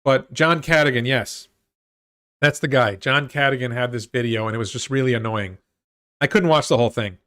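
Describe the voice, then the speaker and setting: A man hosting a livestream, talking through ideas out loud with restarts and reading viewer comments before launching into a rant. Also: mid-range voice, moderate pace, clear, resonant tone. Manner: thinks aloud with restarts, reads comments. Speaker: host of a livestream on stocks. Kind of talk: solo livestream talk and rant.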